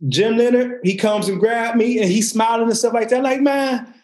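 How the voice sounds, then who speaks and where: A former football player tells stories in casual chat with an extremely high-pitched voice and a brisk pace. He's animated, acting out quotes, restarting his sentences a lot, and swearing often.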